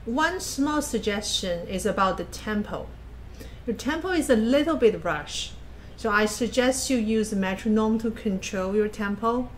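A woman with a mid-range voice and measured pace gives patient masterclass feedback on a recorded performance as a piano teacher. She explains plainly and counts or hums passages aloud, with piano playing and slight background noise.

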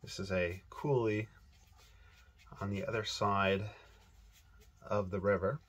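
A man's voice: on the low side, steady tone, slow pace, fairly bright tone. A man giving a casual, rambling watercolor painting lesson, thinking aloud as he paints. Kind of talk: relaxed painting tutorial.

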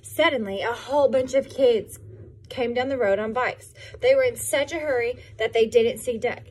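A woman, a preschool teacher, reading a picture book aloud to young children in a gentle, encouraging, expressive way. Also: a little high, normal speed, breathy edge.

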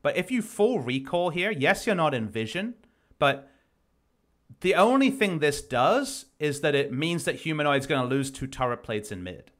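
A man's voice: on the high side, animated, moderate pace, a bit bright. A man breaking down a recorded match as an esports analyst, explaining plays in detail. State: losing his voice. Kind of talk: game review commentary.

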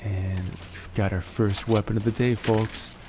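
A man with a groggy morning voice talks through his gameplay in a relaxed, joking way, narrating each step. His voice sits on the lower side. A steady noise runs under the recording. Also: measured pace. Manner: relaxed, jokey, narrates each move with puns. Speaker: gaming video host. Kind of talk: gameplay commentary.

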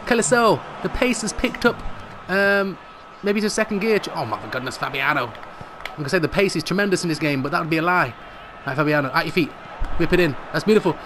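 A young man commentating live on his own football video game match, excitable and jokey, swearing mildly and shouting at near misses. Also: on the high side, a little fast, noisy background. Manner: excitable, shouts at big moments; calls players "brothers", mild swearing. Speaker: gaming YouTuber.

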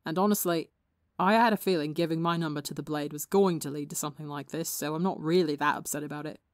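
A woman's voice: deep voice, fairly even intonation, fast, dry recording, clean studio sound, lightly acted. Give me a woman reading as a snappish young man. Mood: resigned. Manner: snappish, profane. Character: hot-tempered young man, a weary healer.

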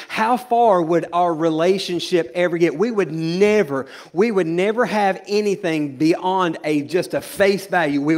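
A man preaching from the pulpit in a high, ringing voice. He rises to loud, drawn-out declarations, then drops low and quick for playful asides to his congregation. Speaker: pastor. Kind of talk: sermon. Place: church sanctuary.

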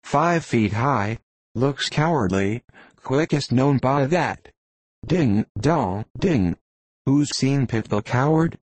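A crazed young cabin boy drifting in singsong, wandering phrases, put on by a male reader. The voice sits higher than the narrator's but stays slow. Close, dry sound. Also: lively intonation, dry recording.

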